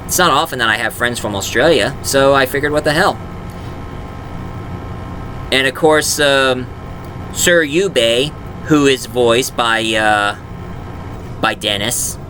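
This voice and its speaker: A man's voice: medium pitch, slow pace, pauses often, a little hiss or hum. A man who makes audio dramas, talking in a casual, rambling way with frequent fillers and restarts. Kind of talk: casual vlog talk.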